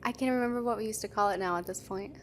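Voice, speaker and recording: A woman's voice: mid-range voice, very fast, slight background noise. A young adult woman, a podcast co-host, telling a story in casual chat, full of "like" fillers. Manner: chatty, lots of "like" fillers.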